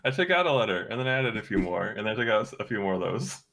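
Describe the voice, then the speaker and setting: A man's voice: lowish voice, big pitch swings, fast talker, creaky, fairly bright tone. A man who chats on a stream and cracks playful jokes. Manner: playful, joking. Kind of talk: casual gaming chat.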